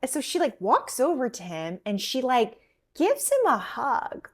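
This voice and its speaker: A woman's voice: high voice, measured pace. A woman co-hosting a podcast, chatting casually and acting out lines as she recaps a drama episode. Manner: animated storytelling, acts out quotes. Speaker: podcast co-host.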